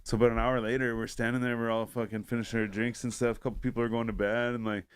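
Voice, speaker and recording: A man's voice: medium pitch, level tone, rapid-fire, clear, resonant tone. A man telling a story in casual podcast chat, rambling and profane, filling it with "like" and acting out other people's lines.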